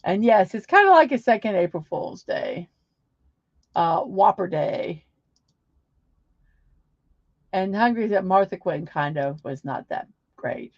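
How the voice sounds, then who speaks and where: A woman's voice: medium pitch, lively intonation, unhurried, long pauses, dry recording. A woman hosting a casual livestream, chatting upbeat and reading viewer comments aloud. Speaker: livestream host. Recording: dull lo-fi sound.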